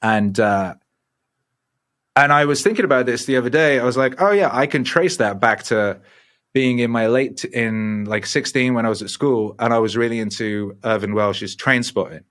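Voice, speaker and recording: A man's voice: medium pitch, moderate pace, a bit bright. A man who is a guest on a casual podcast, telling long profane stories with acted-out voices. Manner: profane, rambling storyteller who acts out voices.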